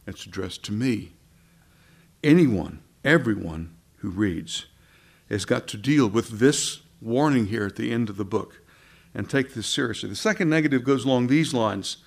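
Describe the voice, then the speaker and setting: A man's voice: lowish voice, expressive, moderate pace, vocal fry. A man preaching a sermon in a conversational way, with asides and rhetorical questions.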